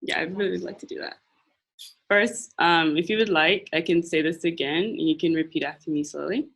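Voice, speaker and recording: Patient young woman teaching slowly. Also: low voice, vocal fry, a bit bright, breathy edge. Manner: slow, patient, repeats phrases for learners. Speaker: language and culture presenter. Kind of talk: classroom teaching.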